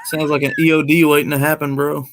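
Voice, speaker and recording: A man's voice: fairly high pitch, flat delivery, fast, a bit bright, a little hiss or hum. A man hosting his own podcast, chatting casually and cutting in with blunt, crude remarks. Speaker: podcast host.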